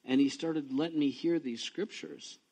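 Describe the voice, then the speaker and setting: A man preaching a sermon, reading scripture and telling personal stories, swinging from quiet low talk to loud excited bursts. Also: moderate pace, breathy edge. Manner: reads scripture aloud between personal asides. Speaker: pastor.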